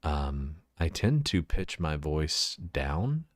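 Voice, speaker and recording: A low-voiced man on a livestream, talking loosely and profanely while he tinkers with his setup. His pitch swings widely and he laughs easily. The sound is dry and close, with no room around it. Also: big pitch swings, slow, no echo. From Central Texas. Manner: loose and profane, laughs often, talks while fiddling with settings. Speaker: livestreamer showing his avatar model. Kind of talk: casual livestream chat.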